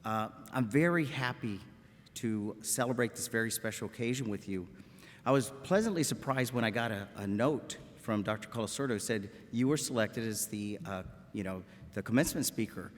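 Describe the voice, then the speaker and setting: A man's voice: lowish voice, normal speed. A man in his fifties from South Texas with a South Texas accent, giving a commencement address as a medical school professor in a folksy, joking way, often adding a questioning "okay?". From Rio Grande Valley, South Texas. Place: large auditorium at a graduation ceremony. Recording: echoey auditorium with long reverb.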